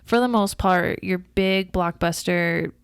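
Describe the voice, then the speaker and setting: A woman's voice: fairly low pitch, takes it slowly, clear, resonant tone, no echo, clean studio sound. A woman co-hosting a podcast, talking casually and explaining the business side at length, with fillers and restarts. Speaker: podcast co-host.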